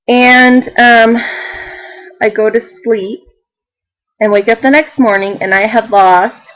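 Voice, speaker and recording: A young woman vlogging in a chatty, animated way, full of fillers and laughter. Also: on the high side, low-quality recording. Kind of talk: casual chat to camera.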